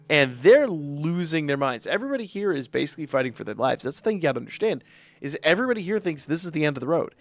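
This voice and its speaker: Man, casual reaction host, enthusiastic, rambling, repeats words, slightly high voice, dry close sound. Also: dry recording. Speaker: manga reaction channel host. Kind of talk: casual reaction and review chat.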